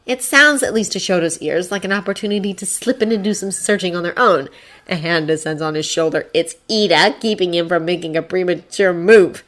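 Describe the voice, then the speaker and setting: A woman narrating fiction as an audiobook, expressive and voicing characters. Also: fairly low pitch, fairly quick. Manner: expressive, acting out voices. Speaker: fanfiction reader.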